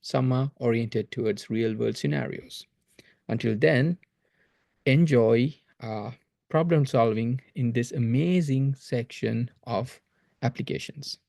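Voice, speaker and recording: A man's voice: medium pitch, takes it slowly, gravelly, warm tone, dry recording, clean studio sound. A man teaching a math lesson in a recorded video lecture, explaining patiently and repeating phrases to stress his points.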